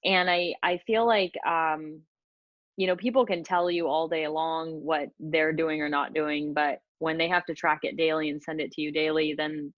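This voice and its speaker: A woman's voice: low-pitched, little pitch movement, normal speed, no room sound. A woman interviewer asking questions in a casual, encouraging way. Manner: encouraging, with affirming backchannels. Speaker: interviewer, coach channel host. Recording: dull, dry lo-fi sound.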